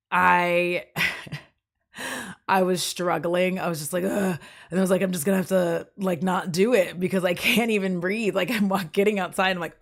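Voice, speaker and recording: A woman streamer, sick with a cough and a voice deepened by illness, chatting with viewers in a rambling way and laughing often. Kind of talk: casual stream chat with viewers.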